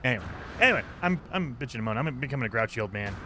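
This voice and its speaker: Bright-voiced rambling male game streamer. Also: mid-range voice, lively intonation, very fast, a little hiss or hum. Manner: rambling, ranting, reads chat aloud. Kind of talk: casual live-stream chat.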